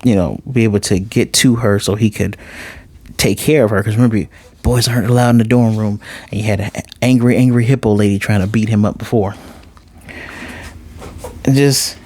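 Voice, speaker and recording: A man's voice: on the low side, a little mellow, no room sound. A man giving a heartfelt, conversational review of an anime episode, swearing casually as he talks.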